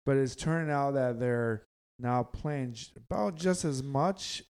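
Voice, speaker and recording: Man, podcast host, casual sports chat, joking, rambling, mid-pitched voice. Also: measured pace, darkish tone, clean tone.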